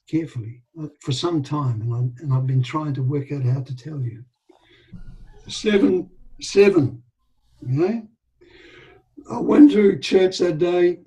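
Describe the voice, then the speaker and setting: An older man, telling animated anecdotes with quoted dialogue as an interview guest. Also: on the high side, low-quality recording. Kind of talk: storytelling in a casual interview.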